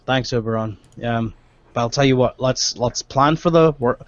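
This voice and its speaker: A man's voice: mid-range voice, moderate pace, muffled recording, natural voice. A man voicing a cautious male adventurer in a tabletop game, pleading with a put-on accent.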